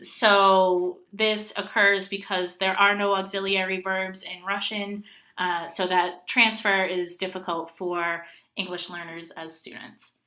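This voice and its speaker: A young woman giving a class presentation on language learning, pausing often with ums as she explains. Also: medium pitch, sharp tone. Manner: hesitant, many ums. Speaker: graduate student presenter.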